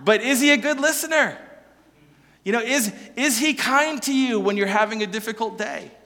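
A man preaching a sermon, animated and joking, asking the listeners question after question. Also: extremely high pitch, normal speed, big-room sound. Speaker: pastor.

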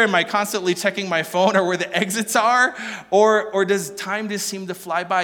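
A man preaching a sermon, animated and joking, asking the listeners question after question. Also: high voice, long reverb tail. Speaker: pastor.

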